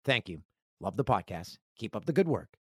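A man's voice: fairly low pitch, moderate pace, slightly rough, no echo, clean studio sound. A middle-aged man hosting a casual podcast, reading listener mail aloud and telling self-deprecating, joking stories. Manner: joking, animated storytelling with self-deprecating asides. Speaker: podcast host.

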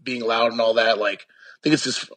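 A man's voice: medium pitch, steady tone, moderate pace, a bit bright. A young man chatting casually as an interview guest, rambling with lots of restarts and fillers.

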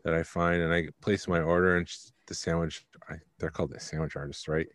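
A man's voice: low voice, flat delivery, fairly quick, fairly bright tone, no room sound. A man co-hosting a podcast, chatty and joking while reading prices aloud. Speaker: podcast co-host. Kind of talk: casual chat.

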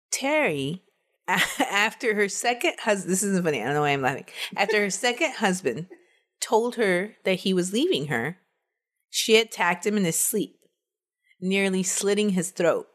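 A woman's voice: mid-range voice, animated, unhurried, a bit bright. A woman co-hosting a podcast, telling a true-crime case in a casual, chatty way and laughing between the facts.

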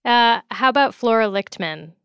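A woman's voice: on the high side, expressive, normal speed, fairly bright tone, clean tone, no room sound. A woman hosting a radio show who asks her guest curious, playful questions. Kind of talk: radio interview.

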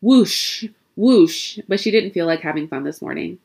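A woman reading a spooky story aloud in an expressive, chatty way, breaking off now and then for playful asides. Her speaking voice sits a little low for a woman, and she tumbles over a word here and there before carrying on. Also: quick pace, gravelly. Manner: expressive, chatty, stumbles and laughs at her own jokes.

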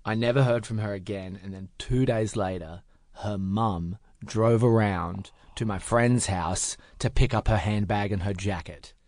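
A man in his twenties telling a story in casual podcast chat, acting out the other people with big jumps in pitch. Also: measured pace, darkish tone, dry recording, studio quality. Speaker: podcast co-host.

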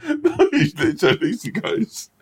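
A man's voice: very high voice, wildly swooping pitch, extremely slow, a little mellow. A man co-hosting a podcast, chatting casually and telling playful stories with acted voices, often laughing. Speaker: podcast co-host. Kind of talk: casual chat.

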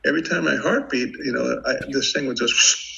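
Gravelly older man telling a war story. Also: mid-range voice, brisk. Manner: vivid, animated retelling with many restarts. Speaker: podcast guest, retired FBI agent. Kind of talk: casual storytelling interview. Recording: dull lo-fi audio.

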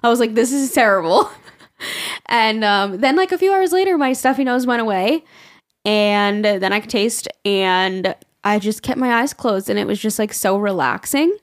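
A woman's voice: medium pitch, moderate pace. A young adult woman co-hosting a podcast, telling a story in casual chat with frequent swearing and laughter. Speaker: podcast co-host.

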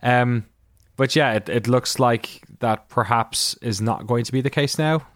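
A man's voice: medium pitch, a little slow, no room sound. A man co-hosting a casual podcast, hesitant and full of fillers, with dry sarcastic asides. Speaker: podcast co-host. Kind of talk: casual chat.

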